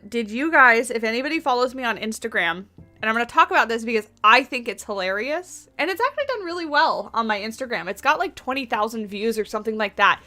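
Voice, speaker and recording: A woman chats her way through a game-building livestream from home, rambling cheerfully to her viewers. Her voice sits a little high and sounds bright and clear on a desktop mic. Faint music plays underneath. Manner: chatty, rambling, talks to chat readers. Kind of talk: casual chat while building in a game. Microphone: USB desktop mic on boom arm.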